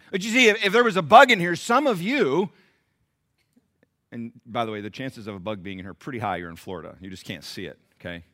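A man delivers a sermon, his pitch moving a great deal as he alternates between loud, driving emphasis and soft, confiding asides. His tone is bright and forward, and his delivery is animated. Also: fairly quick. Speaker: pastor.

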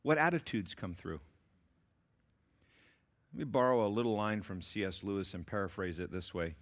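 A man preaching a sermon, asking his congregation questions and swinging between loud emphatic peaks and quiet low passages. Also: moderate pace. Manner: asks the congregation rhetorical questions. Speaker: pastor.

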